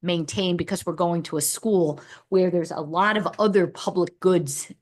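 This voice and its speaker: A woman's voice: fairly low pitch, moderate pace. A woman speaking at a town committee meeting, thinking aloud in long, looping sentences with restarts. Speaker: committee member. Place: meeting room.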